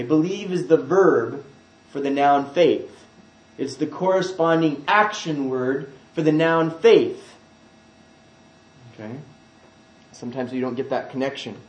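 A man preaching a sermon, swinging from quiet asides to loud, emphatic scripture reading. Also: mid-range voice, roomy sound, poor audio.

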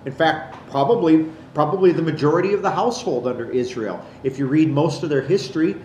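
A man's voice: fairly high pitch, darkish tone. A man giving an explanatory Bible teaching to a class, pointing things out on a board. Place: classroom or church hall. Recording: echoey room, faint background noise.

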